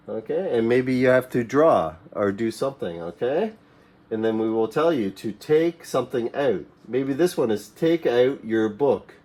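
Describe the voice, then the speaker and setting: A man teaching a classroom English lesson to young learners, repeating simple commands slowly for them to echo. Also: mid-range voice, expressive, darkish tone. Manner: slow, repeats phrases for students to echo; mimics classroom commands in a raised voice.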